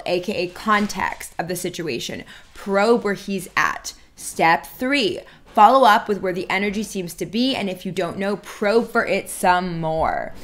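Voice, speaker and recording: A woman hosting a dating advice video, speaking bluntly and emphatically and repeating her key points. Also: medium pitch. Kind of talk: direct-to-camera advice talk.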